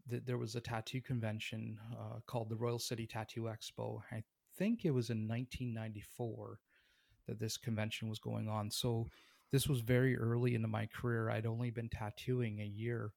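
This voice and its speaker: A man telling a story about his career as a tattoo artist in a relaxed, conversational way. He acts out the other people in the story and laughs often. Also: on the low side, normal speed, vocal fry, no echo, clean studio sound. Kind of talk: casual storytelling.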